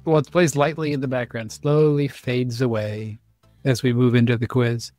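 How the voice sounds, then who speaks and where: A man's voice: medium pitch, fairly even intonation, normal speed, a little mellow, dry recording, faint music behind. A man hosting a podcast in casual chat, with dry, wry humor. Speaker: podcast host.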